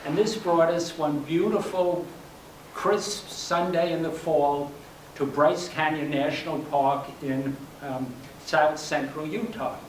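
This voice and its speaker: Older male storyteller, wry and self-mocking, slightly high voice, recorded from across a roomy hall with faint hum. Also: steady tone, slow pace, recorded from a distance. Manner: wry, self-deprecating, laughs at his own punchlines. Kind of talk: personal story performed for a live audience. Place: library workshop room.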